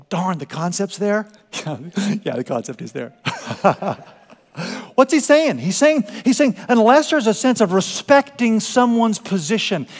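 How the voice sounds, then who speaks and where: A male pastor preaching a sermon with animated delivery, swinging between loud exclamations and quiet asides. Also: high voice, in a large hall. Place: church sanctuary.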